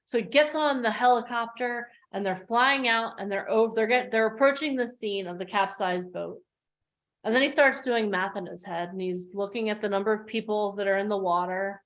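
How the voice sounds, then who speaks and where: A woman's voice: medium pitch, moderate pace. A woman coaching an online workshop over a video call, giving a motivational talk and acting out the voices in her stories. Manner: animated storyteller who acts out the voices in her stories.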